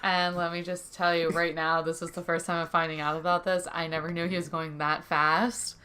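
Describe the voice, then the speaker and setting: A woman's voice: fairly low pitch, little pitch movement, fairly quick, pushed and bright, clear, resonant tone. A young woman casually telling a storytime tale, chatty and rambling, laughing easily. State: stuffy from a head cold then. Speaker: co-host telling a birth story.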